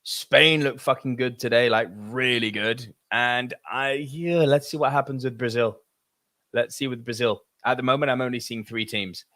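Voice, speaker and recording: A man's voice: mid-range voice, steady tone, moderate pace, bright, forceful tone, no echo. Dry-sounding laid-back male podcast host. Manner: swears casually, laughs often, easygoing. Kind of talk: casual podcast chat, reading out live chat messages.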